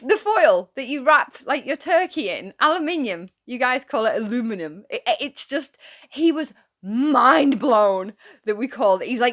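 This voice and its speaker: A British woman hosting a reaction video, chatty and quick to laugh and exclaim. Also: on the high side, expressive, a bit bright. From Britain. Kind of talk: casual reaction commentary.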